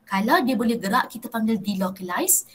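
Malaysian woman teaching chemistry, breathy. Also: fairly high pitch, lively intonation, quick pace, low-quality recording. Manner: mixes Malay and English, checks in with students often. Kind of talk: live online class lecture.

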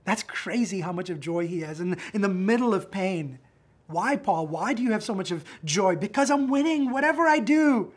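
A man preaching a sermon as pastor, animated and conversational, acting out the quotes he tells and often checking in with "right?". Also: sits high, normal speed, slightly rough. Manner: animated, acts out quotes, frequent "right?" tags.

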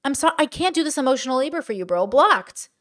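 A woman giving casual reaction commentary, blunt and animated, with plenty of slang. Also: high-pitched, very fast. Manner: blunt, animated, slangy, says bro a lot. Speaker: commentary creator.

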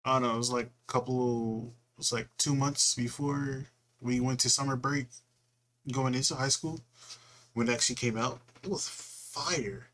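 A man's voice: medium pitch, steady tone, normal speed, a bit bright. A young man in his twenties from California, rambling and slangy, who swears freely as he comments on a video. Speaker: reaction video host.

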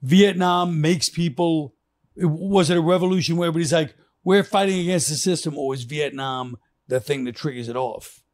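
Older man, podcast guest, slightly high voice, dry sound, musing, rambling. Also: moderate pace, dry recording. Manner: musing, rambling thinking aloud. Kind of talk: casual chat.

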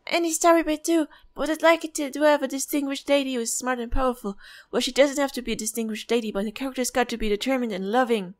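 A woman's voice: sits high, fast talker, hardly any pauses, pitched above the performer's own voice, close to an everyday voice. A woman voicing a small, polite and curious village child who talks earnestly and sometimes stumbles over words, as a fan voice-over of game dialogue. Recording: faint music behind.

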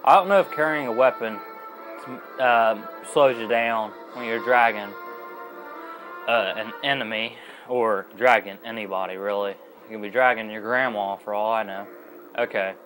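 A man's voice: on the low side, normal speed, fairly bright tone, soft background music, low-quality recording. A young adult man giving casual, rambling let's-play commentary as a gaming host, with plenty of fillers and self-corrections.

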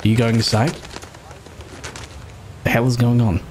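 A British man giving casual, excitable gameplay commentary, sarcastic and quick to swear. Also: mid-range voice, slight background noise. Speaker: gaming streamer.

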